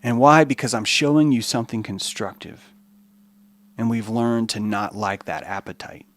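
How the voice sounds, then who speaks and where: A man hosting a podcast, giving an animated, profane, rambling monologue. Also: lowish voice, moderate pace. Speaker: podcast host.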